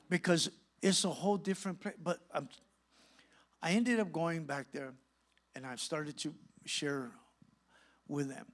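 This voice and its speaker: A middle-aged man from California, a guest pastor telling a lively testimony in a sermon and acting out the dialogue. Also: a little high, measured pace, pauses often. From Santa Ana, California. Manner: animated storyteller acting out dialogue.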